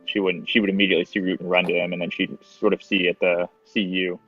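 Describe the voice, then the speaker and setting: A man's voice: deep voice, little pitch movement, fast, a bit bright, breathy edge. A man narrating as game master in a tabletop game, rambling with restarts and fillers. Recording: dull lo-fi with faint music.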